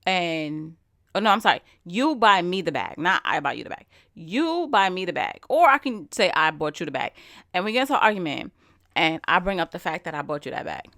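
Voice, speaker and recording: A woman's voice: lowish voice, very animated, a little fast, a bit bright, no echo, clean studio sound. A woman hosting a podcast, talking in a casual, emphatic way and asking rhetorical questions. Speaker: podcast host. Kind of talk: casual solo podcast monologue.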